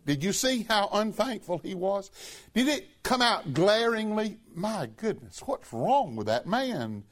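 A man preaching a sermon to his congregation, emphatic and earnest, swinging between loud high stresses and low quiet phrases. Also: very animated, unhurried.

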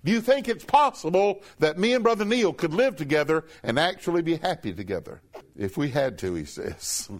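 Calling the congregation "brethren," this man delivers a sermon in a high voice, stretching out quoted scripture at a slow, deliberate pace.

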